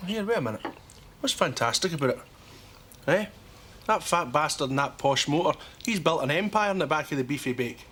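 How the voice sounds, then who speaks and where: A man's voice: fairly high pitch, animated, fairly quick, a bit bright, a little hiss or hum. A ranting cynical Scotsman. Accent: Scottish. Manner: ranting, sardonic. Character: grumpy cynical old Scottish man.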